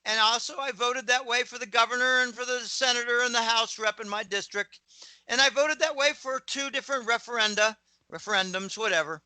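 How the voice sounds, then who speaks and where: This guest commentator from Pittsburgh is middle-aged and now sounds plainly General American, his voice fairly high, very bright, and cutting, and fairly quick. Recorded dry and close with poor audio and no room around it, he rambles opinionatedly through a casual interview, wandering into asides and frequently clearing his throat.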